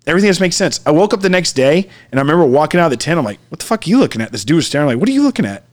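A man's voice: a little high, lively intonation, very fast. A man co-hosting a podcast, telling a personal story in a rambling, casual way full of "like" and "dude", turning earnest and reflective. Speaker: podcast co-host.

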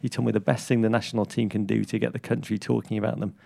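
A man co-hosting a casual sports chat, with a wry, deadpan delivery. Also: lowish voice, rapid-fire, creaky, dry recording, studio quality. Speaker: podcast co-host.

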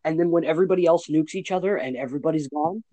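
A man's voice: a little high, very fast, warm tone, a little hiss or hum, rough recording. Sarcastic bossy podcast guy. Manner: sarcastic, bossy about rules. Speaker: podcast co-host. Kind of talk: casual podcast chat.

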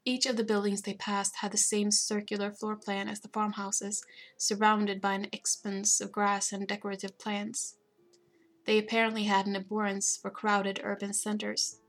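Woman narrating a story in an even tone. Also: mid-range voice, normal speed, faint music behind. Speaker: audiobook narrator. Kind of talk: scripted narration.

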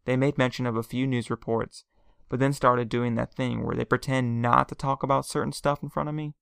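Gravelly-voiced man reading a story. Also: medium pitch, flat delivery, a little fast, a bit bright, no echo, studio quality. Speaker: narrator. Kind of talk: first-person story reading.

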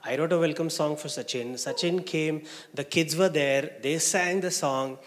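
A man with an Indian English accent tells a personal testimony as a story, animatedly acting out the people he quotes. His voice is a little high and he talks at normal speed, with long hall reverb on the recording.

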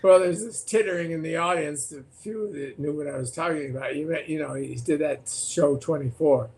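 An older man, a former political candidate, recounting debate stories as a guest in an animated way, often repeating words. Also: fairly high pitch, brisk, gravelly. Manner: animated, repeats words and restarts, acts out quotes. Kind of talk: anecdotal storytelling in conversation.

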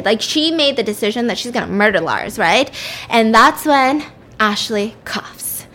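A woman casually telling a made-up thriller story, animated and chatty, full of "like"s. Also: a little high, a little slow. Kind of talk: casual spoken fiction storytelling.

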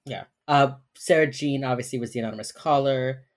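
A woman's voice: a bass voice, fairly quick. A young woman co-hosting a podcast, chatting casually through a TV episode recap, swearing freely and acting out the characters' lines. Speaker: podcast co-host.

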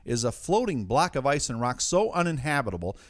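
A man's voice: medium pitch, big pitch swings, brisk, no echo. A man hosting a comic news show in a studio, delivering jokes and headlines in a wisecracking way. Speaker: host.

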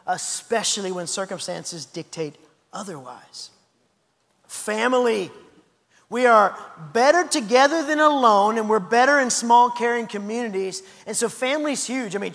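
A male pastor delivers a lively, anecdotal sermon, stumbling into frequent restarts. His voice sits high for a man. A long hall reverb trails every phrase. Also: normal speed.

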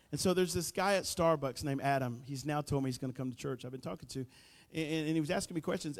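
A pastor preaching a sermon in a folksy, fervent way, building to loud emphasis. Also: male voice, a little high. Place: church sanctuary. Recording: echoey church hall.

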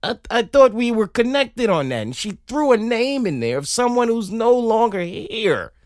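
A man hosting a podcast, telling funny stories in an animated, laughing, profane comic monologue, close on a studio mic. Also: very high-pitched, normal speed, no room sound. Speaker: podcast host. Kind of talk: comedic solo monologue.

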